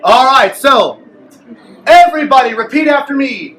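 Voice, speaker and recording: High-voiced man coaching a clarinet class. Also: expressive, normal speed, a bit bright, slight background noise. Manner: playful, coaching a class aloud. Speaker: music teacher. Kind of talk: group clarinet lesson. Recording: echoey room from far off.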